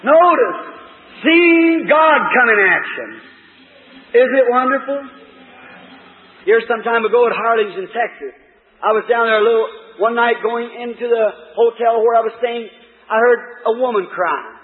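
A high-pitched male preacher telling stories in a fervent sermon, his voice rising to shouts and sinking low again. He is heard through a tinny, narrow-band old recording in a big echoing hall with a long reverb. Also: moderate pace. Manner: fervent, rises to shouts then drops to quiet storytelling. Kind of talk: sermon with storytelling. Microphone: pulpit microphone.

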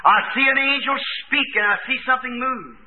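A man preaching a revival sermon in a church service, fervent and hollering quotes with sudden shouts. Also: very high-pitched, a little fast. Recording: tinny lo-fi old tape recording.

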